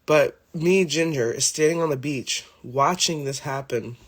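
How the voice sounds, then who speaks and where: A man's voice: on the high side, measured pace, breathy edge. A man voicing a female English psychic advisor in a put-on English accent, telling a vision earnestly.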